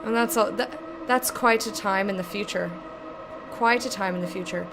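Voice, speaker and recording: A woman's voice: mid-range voice, moderate pace, vocal fry, noisy background. A young woman streaming a game, chatting casually with viewers, joking and swearing freely as she plays. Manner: chatty, swears often, jokes with chat. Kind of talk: casual gameplay commentary. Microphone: desk mic with headphones. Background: music.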